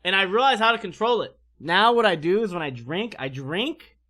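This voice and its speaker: Bright, animated, foul-mouthed male streamer. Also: high voice, moderate pace. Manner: animated, profane, rambling. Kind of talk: casual storytelling.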